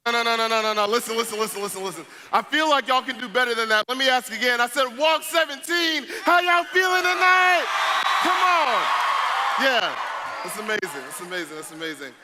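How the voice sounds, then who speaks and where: A young man, joking and hyping up a crowd as a youth event speaker. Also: high-pitched. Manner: playful, hype, joking with audience. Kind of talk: energetic stage talk to a crowd. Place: large event hall with audience. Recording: noisy live event recording.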